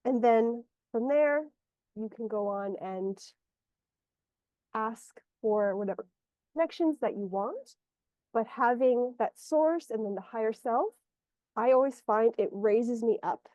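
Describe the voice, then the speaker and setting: Soft-toned woman healer, muffled audio. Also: a little high, takes it slowly, no room sound. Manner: meandering, searching for words aloud. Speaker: energy healer. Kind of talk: one-on-one guidance session.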